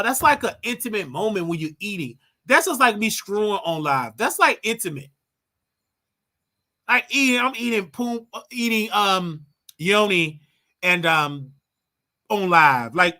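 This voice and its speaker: A man's voice: on the high side, lively intonation, measured pace, long pauses, pushed and bright. A man hosting his own livestream, talking casually to viewers in a playful, rambling, teasing way. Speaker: livestream host.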